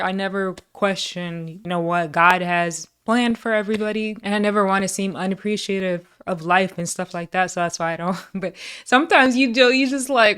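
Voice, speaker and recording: A young woman in a casual vlog, talking low-energy and glum, confiding with rueful little laughs. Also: brisk, few pauses, fairly bright tone, clean tone. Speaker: beauty vlogger. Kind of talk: casual vlog talk to camera.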